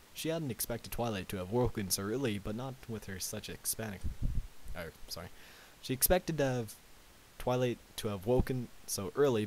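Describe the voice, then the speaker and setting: Low-voiced guy reading a story, trips on words, bit of hiss. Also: low-quality recording. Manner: halting, with slips and self-corrections. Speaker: amateur reader. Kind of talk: reading fan fiction aloud. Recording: faint tape hiss.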